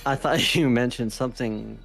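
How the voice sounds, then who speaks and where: Hesitant male guest, middle pitch, faint music underneath. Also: normal speed, vocal fry, fairly bright tone. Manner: hesitant, stumbling over words. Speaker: stream guest.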